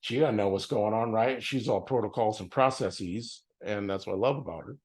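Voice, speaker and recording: A man's voice: fairly low pitch, normal speed, darkish tone. A middle-aged man telling a personal story in an earnest, emotional way, often repeating phrases for emphasis. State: tearful at times. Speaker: vlogger.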